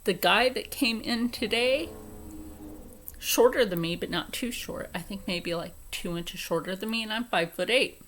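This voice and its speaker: A woman's voice: medium pitch, normal speed, fairly bright tone, slight background noise. A young woman with a Philadelphia accent ranting to camera, profane, indignant and emphatic. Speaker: vlogger. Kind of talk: angry rant to camera.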